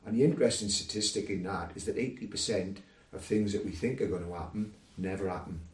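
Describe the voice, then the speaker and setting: A man's voice: low-pitched, steady tone, fast. UK man on a podcast panel, explanatory and thoughtful, roomy distant sound. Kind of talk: casual panel discussion.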